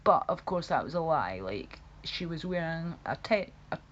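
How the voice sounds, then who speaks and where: A woman's voice: low voice, very animated, moderate pace, dull audio, a little hiss or hum. A woman live-streaming, rambling through casual chat, reacting to her viewers, laughing often and swearing freely.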